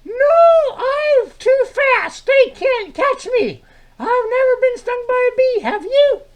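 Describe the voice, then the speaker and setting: A man voicing a cheeky young boy puppet in a children's skit, drawing out his words and tossing off deadpan wisecracks. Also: very high voice, slow pace, voice pushed up, heavily acted.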